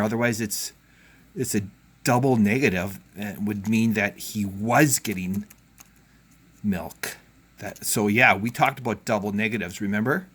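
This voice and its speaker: A man teaching a home learning video lesson, talking children through the work in a casual, encouraging way and thinking out loud. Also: fairly low pitch.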